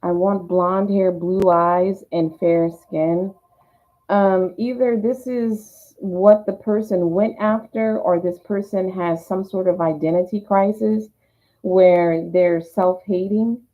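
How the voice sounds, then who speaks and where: A woman's voice: lowish voice, steady tone, takes it slowly. A woman reading tarot, voicing the cards' messages in first person and then explaining them. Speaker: tarot reader. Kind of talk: channeling tarot card messages. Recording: tinny phone-like sound.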